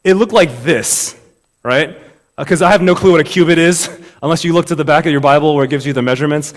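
A man preaching a sermon in a conversational, animated way, often asking rhetorical questions. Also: a little high, fast talker, in a large hall. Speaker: pastor.

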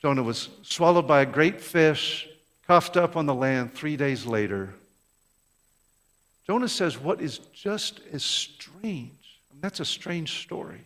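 A man's voice: fairly high pitch, lively intonation, slow pace, a bit bright. A male pastor delivering an impassioned sermon, full of rhetorical questions and repeated words, in a church. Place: church sanctuary. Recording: long reverb of a large hall.

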